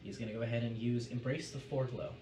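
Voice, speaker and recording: A man as game master, calmly calling out attack rolls and damage numbers and describing the blows. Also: mid-range voice, quick pace, background noise. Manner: methodical, calls out dice rolls and damage numbers. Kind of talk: running a tabletop game. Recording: roomy, distant mic with music behind. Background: music.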